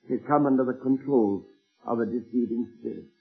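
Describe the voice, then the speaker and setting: A man preaching a sermon, earnestly retelling anecdotes and slowing down to stress key words. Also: mid-range voice, gravelly, breathy edge. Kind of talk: sermon storytelling. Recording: tinny phone-like old sermon tape.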